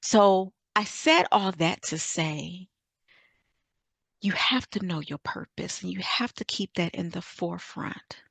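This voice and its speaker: A woman's voice: medium pitch, vocal fry, a bit bright, no room sound. A middle-aged woman from Michigan telling an earnest, faith-filled story of her career as a summit speaker. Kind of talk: personal testimony talk.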